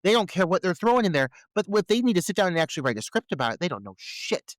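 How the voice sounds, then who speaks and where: A man's voice: high-pitched, very animated, quick pace, dry recording, clean studio sound. A man co-hosting a casual film-review podcast, ranting with profanity and rhetorical questions about what annoys him. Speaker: podcast co-host.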